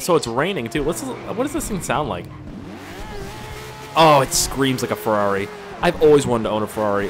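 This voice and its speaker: A man giving crude, rambling, joking commentary while playing a racing game. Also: mid-range voice. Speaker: gameplay commentator. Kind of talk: casual gameplay commentary. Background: game music and car engines.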